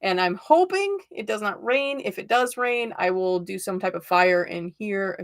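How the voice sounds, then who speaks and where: A woman with a slightly gravelly, fry-tinged voice hosting a relaxed tarot livestream. She talks in an upbeat, chatty way, telling stories and often checking in with her viewers. Her pitch sits in a middle range. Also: moderate pace. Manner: upbeat, chatty, storytelling with many "right?" tags. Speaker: tarot reader and livestream host. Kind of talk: casual livestream chat.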